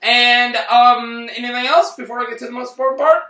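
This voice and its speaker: Excitable high-voiced man, far from mic. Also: brisk. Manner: excitable, rambling, self-interrupting. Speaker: movie reviewer host. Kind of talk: casual review chat. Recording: roomy, distant mic.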